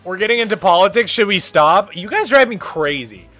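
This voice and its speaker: A man in his thirties with a high, lively voice rambles through casual live-stream chat, peppering everything with "like". His tone is bright and a little sharp, with faint game music under him. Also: a little fast. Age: 30s. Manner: rambling, animated, full of "like" fillers.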